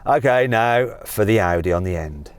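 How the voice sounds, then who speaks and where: Lively, cheeky car presenter man. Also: fairly low pitch, normal speed, background noise. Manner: cheeky, jokey, exclaims loudly. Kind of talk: excitable drag race presenting. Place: inside a car.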